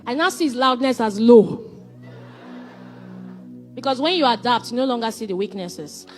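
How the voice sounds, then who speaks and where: A woman, giving marriage advice as a counselor. She speaks in an animated, emphatic way and acts out conversations as she tells stories. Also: fairly high pitch, moderate pace, faint music behind. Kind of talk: motivational relationship talk.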